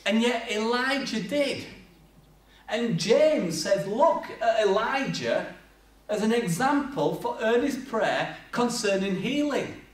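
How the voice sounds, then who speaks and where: Lively preacher in an echoey hall. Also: male voice, sits high, slow. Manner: lively storytelling with acted-out voices and humor. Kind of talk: sermon. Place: church hall. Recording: echoey church hall from far off.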